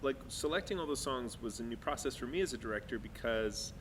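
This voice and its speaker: A man's voice: mid-range voice, expressive, fairly quick, fairly bright tone, slight background noise. A man, the director of a stage play, talking with his actors in a casual talkback, enthusiastic and often restarting his sentences. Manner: enthusiastic, self-interrupting.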